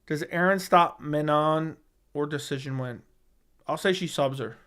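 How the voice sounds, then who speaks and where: A man's voice: a little high, a little slow, a bit bright, clean tone. A man hosting a casual livestream, reading viewer comments and answering bluntly, often swearing and repeating himself. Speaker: MMA livestream host. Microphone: studio dynamic microphone.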